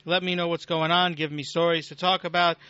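A man doing a nagging, self-pitying old man who whines that nobody writes or calls, loud and pushed a little high. The voice is bright and sharp-edged, coming through a dull, lo-fi recording. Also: flat delivery, brisk, no room sound. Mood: kvetching. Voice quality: whiny, nagging.

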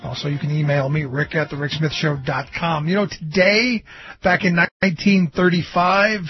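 Brisk radio host man, music underneath. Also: fairly high pitch, steady tone, slightly rough. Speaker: radio talk show host. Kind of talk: radio talk show hosting. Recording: dull radio broadcast with music.

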